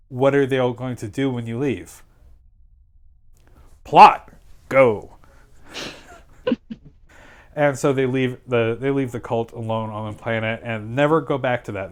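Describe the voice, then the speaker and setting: A man hosting a stream, casually retelling plots in a sarcastic, rambling way with quick quoted asides. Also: medium pitch. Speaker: streamer host. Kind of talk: casual chat.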